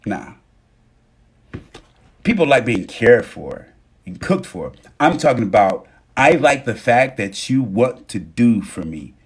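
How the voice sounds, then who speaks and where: A man talking casually about love and energy on a phone live stream, animated and profane, swinging between loud bursts and low murmurs. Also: slow pace. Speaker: TikTok live host. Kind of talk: casual motivational monologue. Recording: music playing clearly behind.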